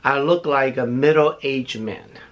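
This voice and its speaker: Here a beauty vlogger, a middle-aged man, talks slowly in a mid-range voice as he unboxes gifts, effusive, gushing, and prone to saying things twice. He's slightly out of breath, and the recording has its highs cut off.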